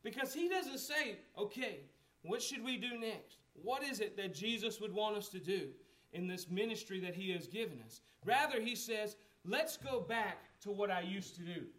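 A man's voice: high voice, expressive, normal speed, fairly bright tone. A man preaching a sermon as a pastor, talking conversationally, asking the congregation questions and acting out the lines of the people in the story.

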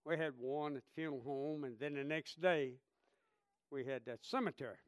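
A man in his thirties, a pastor, preaching a sermon and telling stories, swinging between impassioned shouts and hushed tones. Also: mid-range voice, moderate pace, clean tone, no room sound, studio quality. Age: 30s.

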